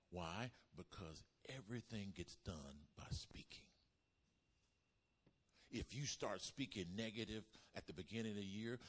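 A man preaching a sermon as pastor, calling for responses from the congregation and rising to loud bursts. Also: sits low, husky.

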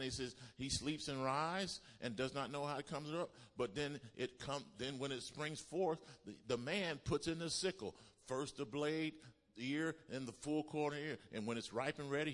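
A man preaching a sermon as pastor, swinging between loud exhortation and low, quiet passages. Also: moderate pace. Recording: long hall reverb.

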